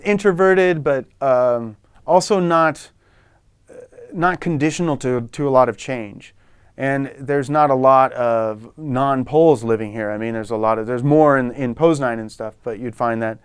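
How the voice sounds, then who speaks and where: A middle-aged American man, a guest, telling stories in a relaxed, chatty way and acting out the voices he quotes. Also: medium pitch, unhurried, smooth, no room sound, clean studio sound. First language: English. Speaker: guest, photographer. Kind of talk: relaxed conversational storytelling.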